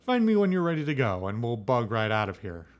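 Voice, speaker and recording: A man's voice: medium pitch, sing-song, fairly quick, lo-fi sound, natural voice. A man reading game dialogue aloud as a flippant, teasing male trickster.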